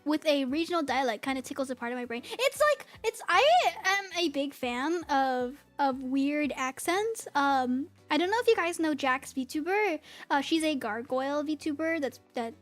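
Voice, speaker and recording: A woman's voice: high voice, animated, moderate pace, fairly bright tone, soft background music. A woman streamer with a light New England accent, chatting casually with her chat in a rambling, giggly, talkative way. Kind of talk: casual livestream chat, reading chat.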